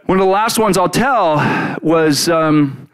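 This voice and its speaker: Guy preaching, telling a bible story as if he was there, lively and casual, kinda high voice. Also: takes it slowly, clear, resonant tone. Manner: animated, casual, full of "like" fillers. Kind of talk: first-person retelling of a Bible story.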